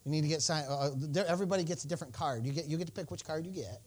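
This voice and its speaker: A man with a fairly high voice preaching to his church. He talks in a folksy, joking way, drifting into quiet, chatty asides and then building to bold, loud calls. His delivery keeps jumping between playful and forceful. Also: rapid-fire. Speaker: pastor. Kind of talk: sermon.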